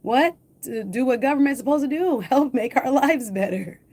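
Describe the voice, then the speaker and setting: A radio talk show host, a woman with a slightly high voice, speaks urgently to her listeners. She is emphatic and repeats her key points, asking rhetorical questions and addressing the audience directly. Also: animated, moderate pace, a little mellow.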